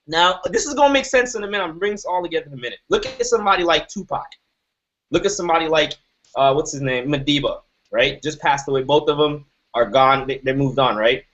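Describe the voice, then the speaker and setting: A man's voice: a little high, fast talker, a bit bright. Emphatic man, dull lo-fi recording. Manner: emphatic, keeps asking "right?". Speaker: motivational speaker. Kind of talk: motivational talk.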